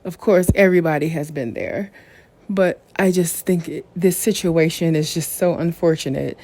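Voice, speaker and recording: Low, mellow-voiced woman podcast host. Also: moderate pace. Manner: opinionated, candid, retells scenes in detail. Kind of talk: casual podcast recap.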